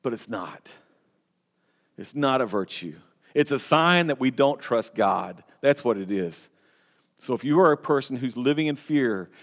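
A man's voice: a little high, fairly bright tone. Preaching man in a reverberant hall. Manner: earnest preaching with repeated restarts and stumbles. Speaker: pastor. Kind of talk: sermon.

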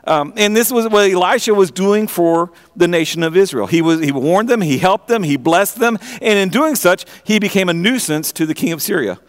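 A man preaching a sermon, retelling a story in an animated way, often restarting his phrases and asking his listeners direct questions. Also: high voice, moderate pace, few pauses. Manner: animated storytelling with frequent repeated starts; asks the audience direct questions.

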